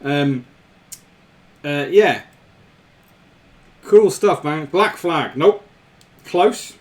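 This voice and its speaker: A man's voice: on the high side, lively intonation, very slow. A man hosting a live stream, chatting casually with viewers, laughing often and repeating himself.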